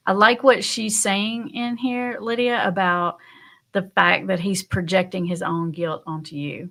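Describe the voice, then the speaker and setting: A woman's voice: medium pitch, steady tone, measured pace, vocal fry, a bit bright. A woman hosting a casual live stream, chatting to her viewers in a loose way with frequent ums and light laughs.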